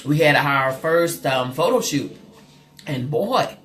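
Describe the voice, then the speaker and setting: A woman hosts a live stream from her webcam, chatting with her viewers. Her voice sits a little low, but it jumps up and down a lot as she goes. She is lively and talky, and she calls people girl and honey. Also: takes it slowly, soft background music. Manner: loud, expressive swings in pitch. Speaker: live show host and therapist.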